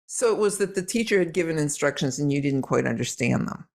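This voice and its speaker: A woman's voice: sits low, expressive, fast talker, creaky, a little mellow, slight background noise. A woman hosting an interview, reflectively summarizing her guest's story. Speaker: host. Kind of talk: interviewer follow-up.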